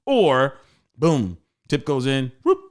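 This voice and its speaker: A man's voice: mid-range voice, slow. A man, a comedian, telling stories in casual podcast chat, acting out the people in them with plenty of profanity. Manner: animated, acts out voices in stories, profane. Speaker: comedian guest. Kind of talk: casual storytelling.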